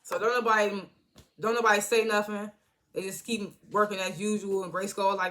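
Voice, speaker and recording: Reviewer, bright tense tone, slangy retelling, acts out each character's line, laughs a lot. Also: medium pitch, level tone, fairly quick. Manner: loose slangy retelling, acting out the characters' lines; laughs often. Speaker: TV episode reviewer. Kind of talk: casual episode recap.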